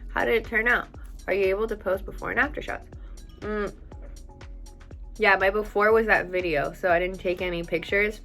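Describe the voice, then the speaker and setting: A young adult woman vlogger chatting casually as she answers viewer questions, blunt and animated, with plenty of "um" and "like" fillers. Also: medium pitch, normal speed, pauses often, faint music behind. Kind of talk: casual chat.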